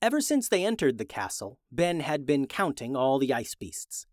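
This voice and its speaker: A man narrating a children's adventure story in a lively, expressive way. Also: medium pitch, moderate pace, no room sound, clean studio sound.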